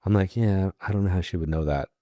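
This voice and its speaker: A man with a low, deep voice tells a story on a podcast, acting out the lines of the people he quotes. He grew up in New York and talks in a relaxed, chatty way. The sound is close and dry, with no room echo. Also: fast. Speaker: podcast guest, psychic medium. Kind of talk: casual storytelling.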